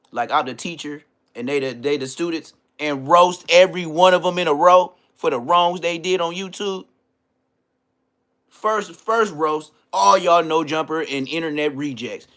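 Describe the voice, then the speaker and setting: A man hosting a podcast, delivering a comedic roast rant full of slang and mocking jabs, swinging between loud outbursts and low muttered asides. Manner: trash-talking, heavy slang, mocking. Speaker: podcast host.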